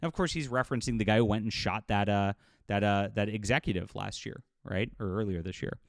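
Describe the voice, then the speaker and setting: A man's voice: fairly low pitch, fairly quick, vocal fry, no echo, clean studio sound. A man hosting a commentary video, talking in an agitated, indignant rant with frequent restarts. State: livid. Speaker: commentary host. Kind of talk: angry commentary monologue.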